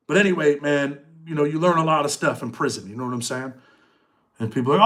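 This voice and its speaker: Man host, middle-aged, slightly higher voice, relaxed street talk with his live viewers. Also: fast. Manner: loose street slang, reads out chat comments. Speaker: channel host. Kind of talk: casual livestream chat with viewers.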